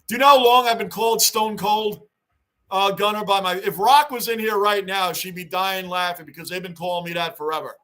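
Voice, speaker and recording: A man's voice: sits high, steady tone, fairly quick, a bit bright. A middle-aged man hosting a casual livestream from his basement, reading out fan chat and repeating himself for emphasis. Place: home basement.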